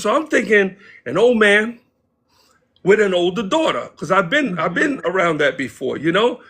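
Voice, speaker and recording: A man guest casually telling stories from his past in an interview, animated and acting out the people he quotes. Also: high voice, normal speed, husky. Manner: animated, acts out quoted voices. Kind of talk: casual storytelling.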